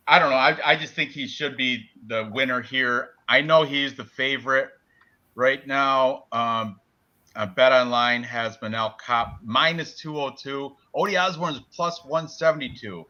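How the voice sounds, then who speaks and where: A man talks fight picks on a live stream in a loose, rambling way, tripping over names as he goes. His voice is bright and forceful. The audio is dull and lo-fi. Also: mid-range voice, a little slow. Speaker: betting podcast co-host. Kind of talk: casual live-stream sports betting chat.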